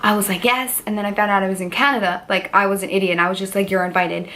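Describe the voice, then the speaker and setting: A woman's voice: medium pitch, little pitch movement, racing, sharp tone. A woman in her twenties talking candidly to camera in a personal vlog, rambling and heartfelt, with lots of fillers. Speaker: beauty vlogger.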